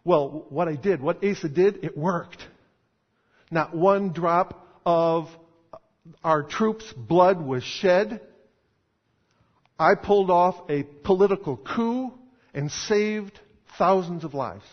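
Guy doing a proud old king whining he got wronged, highish voice, big echoey hall. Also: takes it slowly, long pauses. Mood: indignant. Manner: indignant, insistent complaining. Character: aggrieved old king, proud and self-righteous. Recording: dull sound in a reverberant hall.

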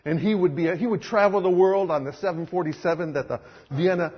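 A man's voice: high voice, fairly quick, husky, muffled recording. A male pastor preaching a sermon, dramatic in his storytelling. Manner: dramatic, acts out characters.

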